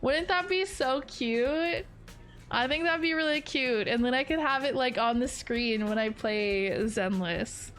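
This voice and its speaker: A woman's voice: high-pitched, a little slow, a bit bright, soft background music. A woman streaming a game, chatting casually in a giggly, playful way. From Canada. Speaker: VTuber streamer. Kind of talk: casual gaming stream chat.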